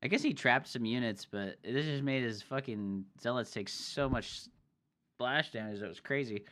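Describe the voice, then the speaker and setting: A male streamer casting a match in a loose, profane, excitable style. His voice is bright and forceful, with a tense edge that cuts through the chatter. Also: mid-range voice, moderate pace. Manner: swears a lot, loose and excitable. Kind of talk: casual game commentary.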